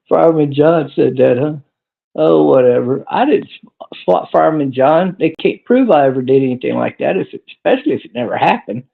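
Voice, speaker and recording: Gravelly, rambling livestream man. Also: a little high, huge pitch swings, normal speed, pauses often. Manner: crude, rambling, chuckling. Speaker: livestream podcast host. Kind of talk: rambling livestream chat answering viewers. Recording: tinny phone-like audio.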